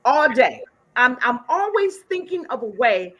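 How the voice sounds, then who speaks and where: A woman's voice: sits high, normal speed. A woman guest on a podcast talking candidly and acting out little quotes. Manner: animated, candid, acts out quotes. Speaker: podcast guest, business owner. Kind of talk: casual chat.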